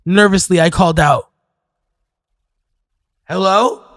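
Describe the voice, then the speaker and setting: A man narrating a horror story in a measured, scripted storytelling manner. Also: on the high side, no echo, clean studio sound. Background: faint music.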